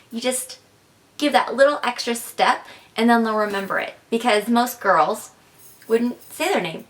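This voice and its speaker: Young woman vlogging advice, kinda high voice, lots of likes and kindas. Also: a little slow, a bit bright. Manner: chatty, filler-heavy with frequent "like" and "kinda". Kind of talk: casual advice vlog.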